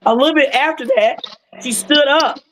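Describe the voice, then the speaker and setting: Woman, casual livestream storyteller, animated and heartfelt, soft noise floor. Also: high-pitched, moderate pace, low-quality recording. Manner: animated, emotional retelling with acted quotes. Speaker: wellness patch seller sharing a client story.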